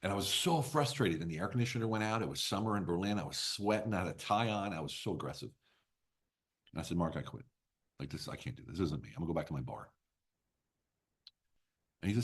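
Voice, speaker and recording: A fifties-aged business coach guesting on a podcast tells stories in a deep, slightly rough voice. He talks fast and animatedly but pauses often, staying blunt and emphatic with offhand swearing.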